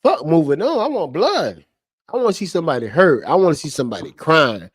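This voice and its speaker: A man talking straight to his stream chat in a fired-up, cursing way, circling back to the same lines again and again. His voice sits a bit high for a man. The sound is dry and close, with no room echo. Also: sing-song, fairly quick, husky. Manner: heated, profane and repetitive, restating each point. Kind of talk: unscripted live-stream commentary.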